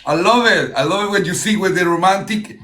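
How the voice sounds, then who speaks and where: A man's voice: sits high, a little fast, bright, forceful tone. A man hosting a livestream battle, gushing with compliments in broken English and slipping into Spanish phrases. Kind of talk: casual livestream chat.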